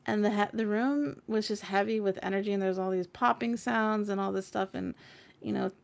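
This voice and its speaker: A woman hosting a tarot livestream, telling a personal story in a chatty, animated way, full of fillers and casual swearing. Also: medium pitch, moderate pace, creaky. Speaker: tarot reader and stream host.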